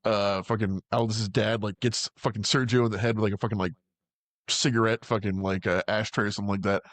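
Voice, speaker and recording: A man's voice: fairly low pitch, fairly even intonation, a little fast, fairly bright tone, no echo. A man co-hosting a casual movie podcast, retelling scenes with heavy swearing, many "like" fillers and laughter. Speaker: podcast co-host. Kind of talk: casual movie recap chat.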